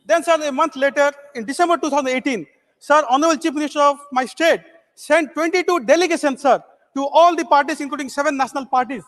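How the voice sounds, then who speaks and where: Male MP, high voice, formal floor speech, lots of "sir", long chamber reverb. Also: fast talker, a bit bright. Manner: peppers every phrase with "sir". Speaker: member of parliament. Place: large legislative chamber.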